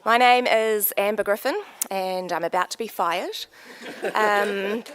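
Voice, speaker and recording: A woman's voice: medium pitch, measured pace, a bit bright. A New Zealand woman, a photography judge, introducing herself casually with lots of giggles and self-deprecating jokes. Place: judging room.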